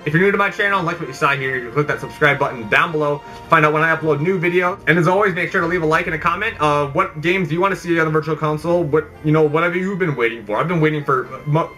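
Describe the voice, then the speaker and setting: A man's voice: a little high, pushed and bright. A young man hosting an unscripted opinion vlog, rambling and exasperated, with mock outrage and self-aware asides. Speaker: YouTube channel host. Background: background game music.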